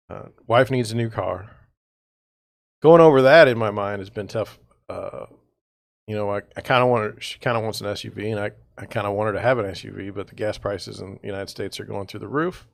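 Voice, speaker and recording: A man with a low, gravelly voice hosts a casual real estate livestream. He rambles from gripe to gripe in an exasperated, sarcastic tone and sounds tired. The recording is dry and close, with no room echo. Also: normal speed. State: tired, yawning.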